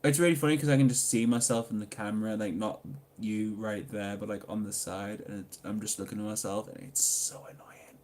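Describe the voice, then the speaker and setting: A young Geordie man from Newcastle upon Tyne, England, hosts a casual livestream Q&A as a YouTuber, chatty and jokey, reading chat aloud and bursting into loud, excited exclamations. His voice is on the low side and a little fast, with a little hiss or hum in the audio.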